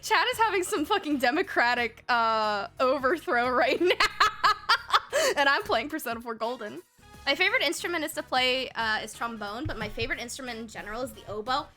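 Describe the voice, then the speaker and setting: A woman's voice: sits high, lively intonation, fairly quick, bright, forceful tone, soft background music. A young woman livestreaming a game, chatting casually with her chat, giggling often, swearing freely and reading game text aloud. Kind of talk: casual gaming stream chat.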